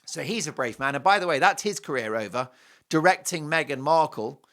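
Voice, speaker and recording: A man's voice: fairly high pitch, lively intonation, brisk, a bit bright. A man hosting a TV show, giving an opinionated, mocking monologue with heavy sarcasm and emphatic swings. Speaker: TV show host.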